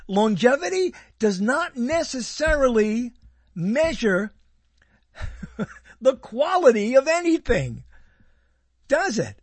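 A man's voice: extremely high pitch, wildly swooping pitch, takes it slowly, long pauses, no room sound. A man rambling in casual commentary, sarcastic and wandering, often breaking off his own sentences. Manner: sarcastic, wandering, self-interrupting. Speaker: video host reviewing TV listings.

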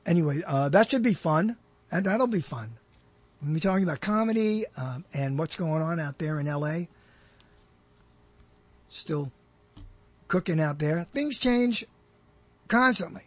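Older male radio host, high husky voice, rambling and jokey, dry close mic. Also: lively intonation, a little slow, pauses often, no room sound. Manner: rambling, jokey, self-deprecating asides. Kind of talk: solo radio talk, rambling.

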